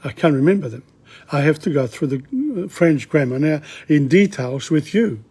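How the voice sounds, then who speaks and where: A man teaching a language lesson, reading a dialogue line by line and translating it, chatty and halting with frequent asides. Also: a little high, expressive, dark tone, breathy edge.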